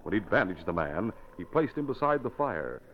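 A man narrating a radio drama in a measured, dramatic storytelling manner. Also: on the low side, very animated. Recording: lo-fi old radio recording with faint hiss.

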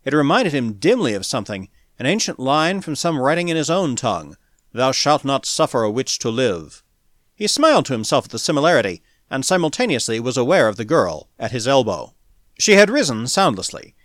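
An audiobook is read by a man of medium pitch who tells the story in a measured, expressive way. The studio sound is clean, with no echo.

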